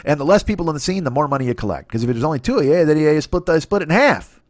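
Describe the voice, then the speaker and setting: A man in his forties rattles through a crude solo comedy riff at a quick clip. He keeps cutting himself off and tossing in brief silly voices. The sound is dry and close, with no room around it. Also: on the high side, lively intonation, dry recording. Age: 40s. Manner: rambling, crude, self-interrupting, acts out quick voices. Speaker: comedy podcast host. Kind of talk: solo comic monologue.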